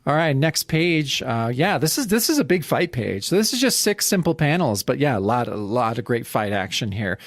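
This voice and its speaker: Animated man on a dry-sounding podcast. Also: mid-range voice, moderate pace, hardly any pauses, dry recording. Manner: emphatic, praising, animated delivery. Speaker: podcast co-host. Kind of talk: casual comic-book discussion.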